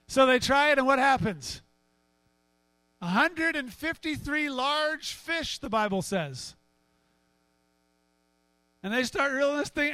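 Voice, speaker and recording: A man's voice: very high voice, clear, resonant tone, dry recording. A man preaching a sermon as pastor, chatting and joking with the congregation and acting out Bible scenes. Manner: acts out Bible dialogue in a raised, animated voice.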